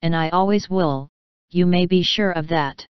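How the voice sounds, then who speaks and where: A woman's voice: fairly low pitch, moderate pace, clear, resonant tone, no room sound, lo-fi sound, close to an everyday voice. A woman reading a loyal, earnest little girl. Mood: tearful. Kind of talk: audiobook reading.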